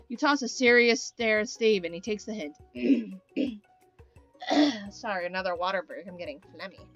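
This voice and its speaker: A woman's voice: medium pitch, lively intonation, unhurried, a bit bright, no echo. A woman doing let's play commentary, reading the game text aloud dramatically with sardonic, swearing asides. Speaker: let's player. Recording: slightly dull recording, faint music.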